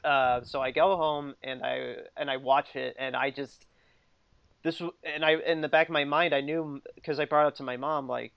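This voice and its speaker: A man's voice: mid-range voice, steady tone, normal speed, vocal fry, clean tone, no echo. A man in his thirties co-hosting a podcast in casual chat, rambling with lots of fillers and laughing often. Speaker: podcast co-host. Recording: dull lo-fi dry recording.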